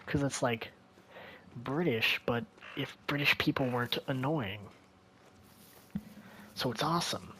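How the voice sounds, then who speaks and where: A young man giving casual gameplay commentary, rambling and thinking out loud, often dropping to a hushed voice. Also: mid-range voice, unhurried, slight background noise. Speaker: gaming video creator.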